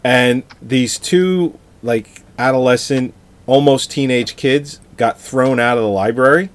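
Regular-pitched guy on a podcast, easygoing, tells stories and chuckles a lot. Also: a little slow. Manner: laid-back storyteller, laughs easily. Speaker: podcast co-host. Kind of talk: casual movie-review chat.

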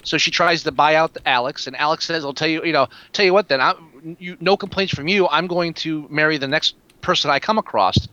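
Casual podcast co-host, man, slightly higher pitch, wry and animated delivery, dull lo-fi sound. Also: fairly quick, hardly any pauses, smooth. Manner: wry, animated, breaks into joking voices. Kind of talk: casual movie review chat.

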